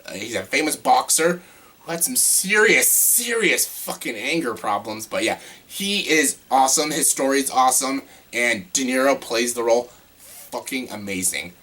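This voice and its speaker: Bright-voiced excitable man gushing. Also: medium pitch, normal speed. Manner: excitable, gushing, casual swearing. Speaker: movie reviewer. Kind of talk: casual movie ranking vlog.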